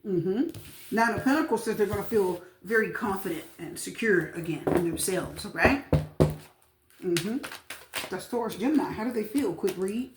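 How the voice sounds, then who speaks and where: A woman giving a casual tarot reading, chatty and repetitive, often pausing with fillers. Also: mid-range voice, lively intonation. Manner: chatty, repeats phrases, frequent fillers. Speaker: tarot reader. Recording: echoey room with faint noise.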